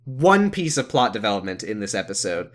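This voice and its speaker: Lively, sarcastic man chatting casually. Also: on the low side, a little fast. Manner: lively, sarcastic, acts out characters' lines. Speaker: podcast co-host recapping a TV show. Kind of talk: casual chat.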